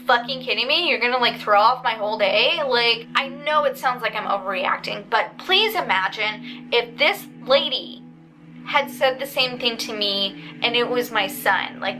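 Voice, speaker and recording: A woman vlogger on a windy day outdoors, telling her story in an indignant, profane rant. Her voice sits fairly high, and music plays under it the whole time. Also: normal speed, rough recording. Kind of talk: casual storytime vlog.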